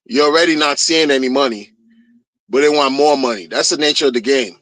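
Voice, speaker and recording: A man's voice: medium pitch, a little fast, a bit bright, no echo. Male streamer, blunt slangy rant, repetitive, recorded close and dry. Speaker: crypto streamer. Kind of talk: casual rant.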